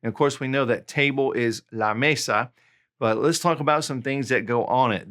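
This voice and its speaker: A man's voice: medium pitch, fairly bright tone. Friendly man teaching words. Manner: slow, deliberate repetition of words. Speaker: Spanish tutor. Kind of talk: online language lesson.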